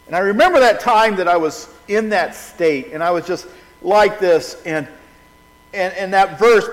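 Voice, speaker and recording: Middle-aged guy preaching, high voice, chatty and restarting lines, long hall echo. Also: moderate pace. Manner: conversational preaching with frequent restarts. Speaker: pastor. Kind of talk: sermon.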